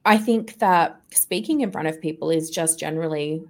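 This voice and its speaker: A woman from Melbourne hosting a podcast interview, speaking reflectively with frequent pauses and fillers. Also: low-pitched, a little mellow. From Melbourne, Australia. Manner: reflective, hesitant, many fillers. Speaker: podcast host.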